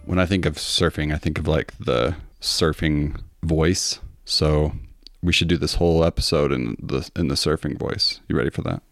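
A man with an extremely deep voice chats on a podcast in a loose, rambling way and laughs easily. He sounds close to the mic in a dry, dead room. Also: steady tone, normal speed, gravelly, fairly bright tone, no room sound, soft background music. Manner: playful, rambling, laughs often. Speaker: podcast co-host. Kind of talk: casual chat.

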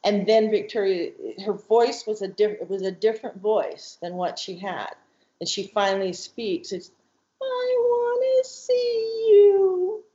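A mother appearing as a guest tells her family's story in an emotional personal testimony, acting out the voices she quotes with vivid retelling and frequent restarts. Her voice is medium in pitch and darkish in tone, with fairly even intonation at a normal speed. The recording sounds roomy, dull and lo-fi.

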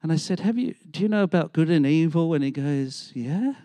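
A man's voice: on the high side, animated, fairly quick, dark tone, no room sound. A middle-aged man, preaching a storytelling sermon and acting out the voices of the people in his stories. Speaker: pastor.

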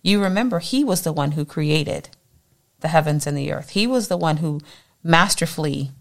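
A woman teaching a morning Bible study with lively, animated energy. Her voice sits very low with a gravelly rasp, and she throws herself into the quotes she acts out. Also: moderate pace.

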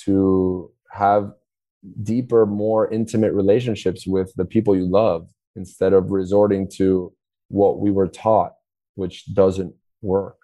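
A man speaks casually as a podcast guest, often restarting his sentences and acting out examples. His voice is low and warm, recorded dry and close. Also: flat delivery, a little slow, dry recording. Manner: explains by acting out dialogue, many restarts. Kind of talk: casual interview talk.

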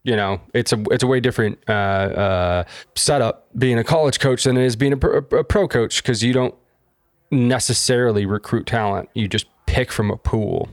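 A young man co-hosting a casual podcast, animated and exasperated, swearing freely. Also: mid-range voice, moderate pace, dry recording, clean studio sound. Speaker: podcast co-host. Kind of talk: casual chat.

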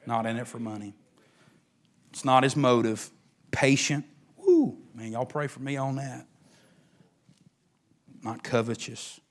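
A middle-aged man, preaching a sermon as pastor, swinging between emphatic rises and hushed near-whispers. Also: medium pitch, lively intonation, measured pace, pauses often.

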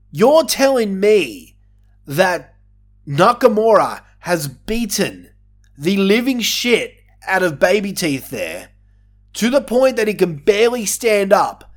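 A man talks through a wrestling event in a loose, unscripted review. His voice sits a little high for a man, and his delivery is sarcastic and full of casual swearing.

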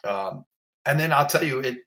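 A male interview guest recounts his personal experience in an emotional, animated way, full of gasps and exclamations. He talks at medium pitch and moderate pace, rambling and restarting frequently.

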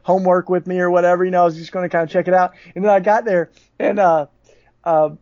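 A man with a Southern US accent, a podcast guest telling stories in a halting way with many restarts. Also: high voice, little pitch movement, darkish tone, no echo. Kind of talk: conversational storytelling. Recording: dull, dry lo-fi audio.

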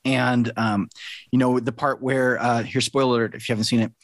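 A man's voice: mid-range voice, little pitch movement, brisk, no room sound. A middle-aged man, a podcast host, chatting casually and telling an earnest story.

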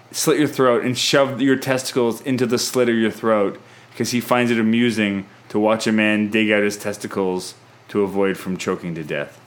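A man in a relaxed film talk, chatty and self-correcting as he works through his thoughts. His voice sits at an ordinary middle pitch, and his delivery is casual and conversational. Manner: chatty, thinks aloud with restarts. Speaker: podcast host, film reviewer. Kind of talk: casual film review chat.

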